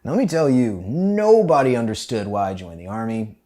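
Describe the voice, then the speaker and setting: A young American man, an army veteran and podcast guest, telling a story casually with lots of profanity and big swings in pitch and loudness. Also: lively intonation, fairly quick. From United States.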